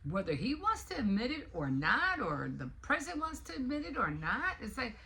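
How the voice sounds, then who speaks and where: Older American woman, casual vlog chatter, bright tone, faint room hum behind. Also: high voice, fairly quick, gravelly. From United States. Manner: rambling, animated, rising to indignant. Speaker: vlogger. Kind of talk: casual morning chat to camera.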